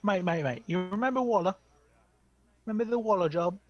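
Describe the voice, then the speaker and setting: A chummy, pushy recruiter in a tabletop game, voiced by a man in a voice pitched a little high. He coaxes and persuades, calling everyone mate. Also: fairly quick, dry recording, highs cut off. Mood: coaxing. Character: smooth-talking male recruiter, pushy and chummy. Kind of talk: tabletop role-play voice.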